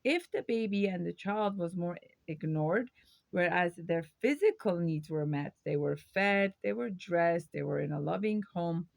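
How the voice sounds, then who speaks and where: A woman's voice: on the low side, expressive, a little slow, gravelly, dry recording. A woman hosting her own video, giving a reflective educational talk to camera and posing rhetorical questions. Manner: reflective, poses rhetorical questions, occasional fillers.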